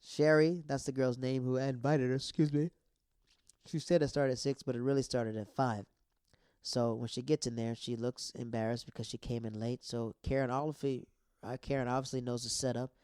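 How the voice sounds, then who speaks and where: A young man hosting a casual TV recap show, excitedly retelling scenes with quoted lines and playful sound effects. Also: mid-range voice, moderate pace, clear, resonant tone, dry recording, studio quality.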